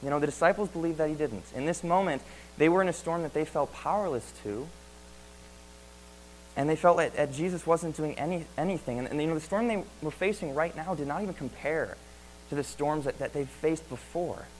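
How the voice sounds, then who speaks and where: A man's voice: a little high, fairly quick, slight background noise, rough recording. A man preaching a sermon in an earnest way, asking many rhetorical questions and often repeating words.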